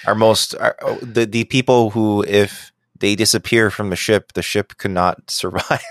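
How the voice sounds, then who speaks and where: A man's voice: lowish voice, steady tone, normal speed, a bit bright, dry recording. A man in casual podcast chat, chiming in with joking asides. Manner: jokey, chimes in with asides. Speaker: podcast co-host.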